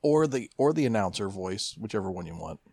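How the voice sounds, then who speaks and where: A man with a deep, husky voice co-hosts a podcast in relaxed casual chat. He laughs along and often answers briefly. The sound is dry and close. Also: fairly quick, dry recording. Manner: laid-back, laughs along, short agreeing replies. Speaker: podcast co-host.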